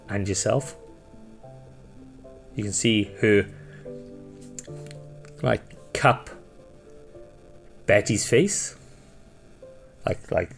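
A man narrating as game master of a tabletop game, in a casual, rambling manner full of fillers. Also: low voice.

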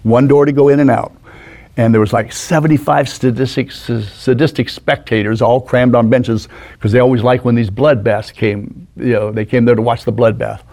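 Storyteller guest, man in his 60s; animated raconteur. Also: medium pitch, normal speed, gravelly. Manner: animated raconteur, acts out the people in his stories. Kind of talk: anecdotal storytelling. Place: studio.

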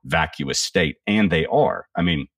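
A man's voice: low-pitched, animated, unhurried, gravelly, a bit bright, breathy edge, no echo, clean studio sound, far from the mic. A man giving casual political commentary on a podcast, blunt and profane, rambling with frequent restarts.

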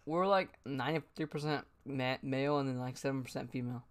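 A man's voice: mid-range voice, steady tone, fast talker, clean tone. A young man hosting a casual podcast chat, reading questions aloud, laughing easily and swearing. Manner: giggly, loose, swearing.

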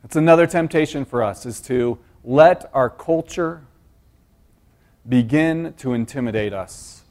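A man's voice: mid-range voice, measured pace, a little mellow. A man preaching a sermon, teaching earnestly with rhetorical questions and frequent restarts.

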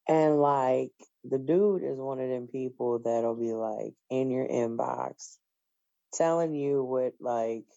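Gravelly, profane woman on a call. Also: rumbling low, takes it slowly, warm tone, dry recording, highs cut off. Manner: blunt, profane, storytelling with laughs. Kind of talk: casual chat.

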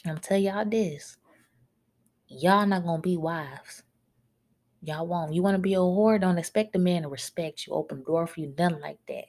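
Blunt, scolding podcast woman, low-pitched. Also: moderate pace, darkish tone. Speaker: podcast host. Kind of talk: solo podcast rant.

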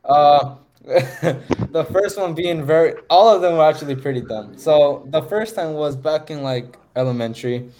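A man's voice: a little high, measured pace, darkish tone. A young man hosting a podcast, telling a story in casual chat and laughing his way through it. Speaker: podcast host. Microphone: voice call microphone.

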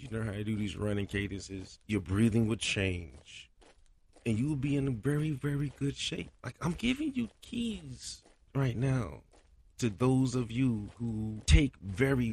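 A man hosting a casual podcast monologue, his voice a little scratchy, talking colloquially and getting animated. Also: fairly low pitch, vocal fry, breathy edge. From Florida. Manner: animated, swings loud for chanted cadence bits; colloquial, repeats "you know". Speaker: podcast host, cadence caller.

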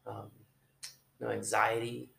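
A man giving an informal, conversational sermon, talking in a halting way with restarts and fillers. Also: lowish voice, flat delivery, gravelly, a bit bright, roomy sound. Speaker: preacher.

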